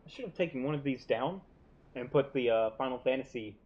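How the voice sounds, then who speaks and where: A young man hosts a casual let's-play from his living room, rambling and poking fun at himself as the game goes on. His medium-pitched voice runs a little fast, with a darkish tone and the highs cut off. He's on a desk mic set off to one side, often turned away from it.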